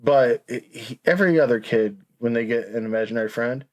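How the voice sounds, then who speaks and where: A man's voice: medium pitch, brisk. A man co-hosting a podcast, telling rambling stories in casual chat and chuckling mid-sentence. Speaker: podcast co-host.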